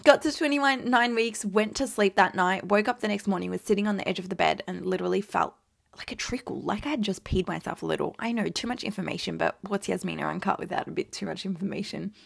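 A young woman tells a story straight to her audience, loose and blunt and full of "like". A gravelly fry sits under her voice at an ordinary middle pitch. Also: fast talker, dry recording. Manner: chatty, blunt, lots of "like". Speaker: vlogger host. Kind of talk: casual storytime chat.

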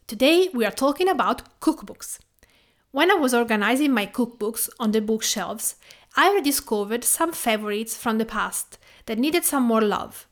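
Italian-accented woman hosting a podcast. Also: fairly high pitch. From Tuscany, Italy. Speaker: podcast host. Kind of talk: scripted podcast monologue.

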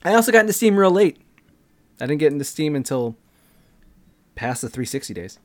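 A man in his thirties, co-hosting a casual gaming podcast and walking through how a game plays, step by step and with animated energy. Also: a little high, brisk. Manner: animated, explains games step by step. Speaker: podcast co-host.

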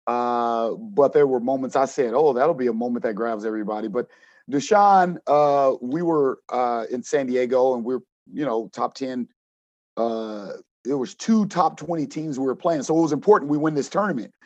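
A man who coaches, telling a story in an interview with animated acted-out quotes and frequent restarts. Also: mid-range voice, moderate pace, no room sound, dull audio.

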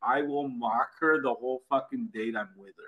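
A man's voice: medium pitch, normal speed, fairly bright tone, rough recording. A man hosting a podcast, ranting bluntly and profanely in casual banter. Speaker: podcast host.

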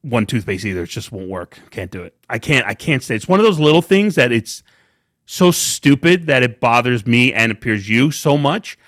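A man's voice: medium pitch, sing-song, normal speed, fairly bright tone, dry recording, clean studio sound. A man hosting a podcast in casual chat, joking and teasing as he sets up segments. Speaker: podcast host.

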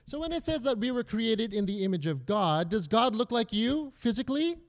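A man with a notably high voice teaches a Bible lesson in a relaxed, conversational way. He keeps checking in with his listeners as he explains each point. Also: a little fast. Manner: conversational, often checks in with "okay?".

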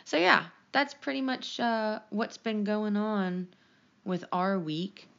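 A woman co-hosting a podcast in relaxed casual chat, halting now and then with fillers. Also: mid-range voice, gravelly. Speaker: podcast co-host. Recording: dull lo-fi recording.

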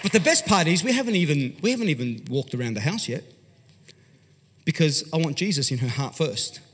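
A man's voice: a little high, fairly quick, slight background noise. Australian man preaching in a big hall. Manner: animated, conversational, swings from loud to hushed. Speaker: pastor. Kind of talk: storytelling sermon. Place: large church hall. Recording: long hall reverb.

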